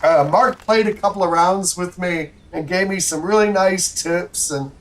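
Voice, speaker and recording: A man's voice: sits high, normal speed, low-quality recording. A man hosting a livestream, giving rambling, chatty commentary to viewers while he plays a golf game. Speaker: livestream host. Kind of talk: casual gameplay commentary.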